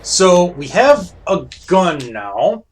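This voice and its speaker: Over game music, a man hosts a let's play, reading game text aloud and dropping wry, joking asides between read-outs. His voice is high and very animated, though he speaks slowly.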